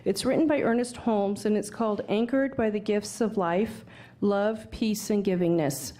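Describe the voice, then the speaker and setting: A woman minister making calm, friendly church announcements with small pauses, in a sanctuary. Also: medium pitch.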